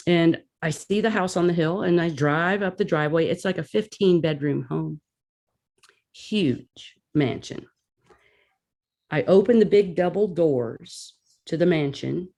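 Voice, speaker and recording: Animated woman telling a story. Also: on the low side, unhurried. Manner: animated, acts out her own reactions. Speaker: guest. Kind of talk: casual storytelling.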